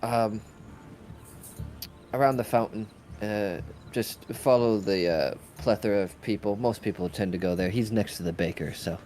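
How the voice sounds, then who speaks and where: A man's voice: on the low side, normal speed, darkish tone, slight background noise, lightly acted. A man voicing a friendly, candid woman blacksmith who runs a shop and hesitates with lots of uhs and ums. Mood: helpful.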